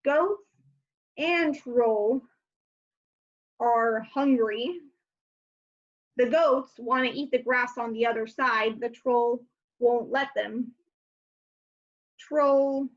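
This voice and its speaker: A woman teacher giving a recorded lesson, saying each word slowly and clearly for young learners. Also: on the high side, muffled recording.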